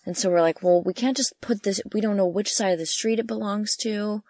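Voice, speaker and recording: A young woman casually telling a travel story from inside a camper van, animated and full of fillers, with her voice jumping up when she quotes herself. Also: brisk, no echo, clean studio sound. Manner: animated, lots of fillers, jumps high when quoting herself. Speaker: travel vlogger.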